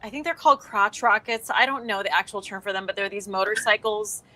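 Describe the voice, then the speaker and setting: A young woman guest in a casual chat, talking in an animated, self-deprecating way. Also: mid-range voice, brisk.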